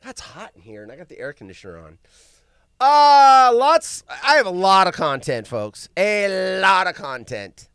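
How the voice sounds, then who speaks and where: A man hosting a live show in casual chat, rambling and often bursting into yelling. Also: high-pitched, very animated, a little slow, vocal fry, smooth, no room sound, clean studio sound. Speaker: podcast host.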